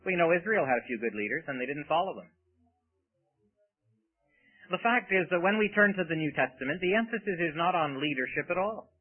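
Male preacher, emphatic sermon with rhetorical questions, a very animated pitch, tinny radio sound. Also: fairly quick, long pauses, breathy edge.

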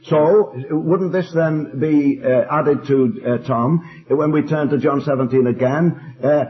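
A man leading a Bible study meeting, teaching in a measured, emphatic way and slowing down on quoted verses. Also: a little high, soft background music. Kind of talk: teaching and leading group discussion. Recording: dull, tinny old tape recording.

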